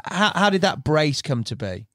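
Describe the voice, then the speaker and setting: A man hosting a podcast interview, reacting with quick chatty asides, on a studio mic. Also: fairly high pitch, big pitch swings, fairly bright tone, no echo. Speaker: podcast host. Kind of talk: casual interview chat.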